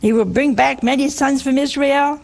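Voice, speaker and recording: A woman's voice: high voice, steady tone, moderate pace, creaky, a little mellow. A woman preaching a humorous sermon in a wry, teasing way, often putting questions to her listeners.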